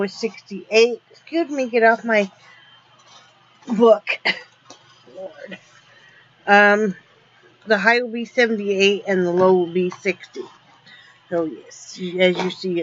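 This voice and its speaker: Woman vlogger, slow-talking, home video in an RV, dull lo-fi sound. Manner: talks to her dogs in a high playful scolding voice; relaxed rambling daily update with many ums. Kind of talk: casual home vlog.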